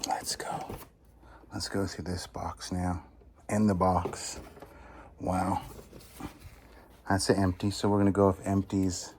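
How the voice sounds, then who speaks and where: A middle-aged man hosting a casual unboxing vlog, chatty and eager with viewers, sometimes dropping into an amazed hushed whisper. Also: low-pitched, level tone, takes it slowly, pauses often, a little hiss or hum. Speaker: storage auction reseller and channel host.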